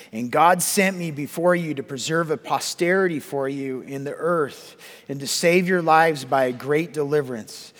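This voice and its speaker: Guy pastor giving a sermon, kinda high voice, repeats himself a lot, big echoey church hall. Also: fairly bright tone. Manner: repeats words, asks the congregation questions. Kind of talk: sermon with scripture reading.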